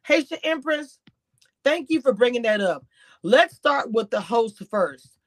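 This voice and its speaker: A woman giving chatty, animated reality-TV commentary on a livestream, talking straight to her chat. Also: on the high side, unhurried, dry recording. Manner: grows exasperated and incredulous. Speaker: YouTube commentator.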